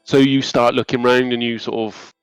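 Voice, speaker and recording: A man's voice: medium pitch, level tone, a little fast, clear, resonant tone, dry recording, soft background music, poor audio. A man narrating a tabletop game as game master in a rambling, hesitant way.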